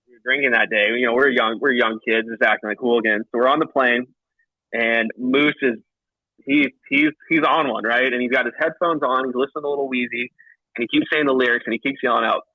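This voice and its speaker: A man who plays paintball professionally, a podcast guest telling stories in a casual, animated way, full of restarts and acted-out quotes. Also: dry recording, highs cut off. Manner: animated, acts out quotes with pitch jumps and frequent restarts. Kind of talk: casual storytelling chat. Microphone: remote call line.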